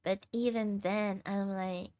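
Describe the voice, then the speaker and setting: Young woman, livestreamer, tired, laid-back chat, lots of laughs, drawn-out pace, mid pitch. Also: fairly even intonation, a little mellow, clean tone, no room sound. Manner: laughs often while chatting. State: tired, sleep deprived. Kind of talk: casual chat with viewers.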